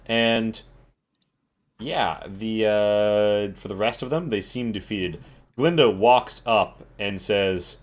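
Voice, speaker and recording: Low-voiced male game master. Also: slow pace. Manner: loose, filler-heavy narration. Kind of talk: narrating a tabletop game.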